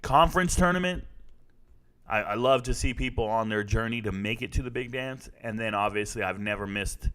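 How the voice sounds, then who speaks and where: Chatty lower-voiced man. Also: steady tone, a little fast, few pauses, fairly bright tone, clear, resonant tone. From United States. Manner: chatty, blunt, talks to his chat. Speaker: live stream host reacting to fights. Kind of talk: casual live-stream commentary.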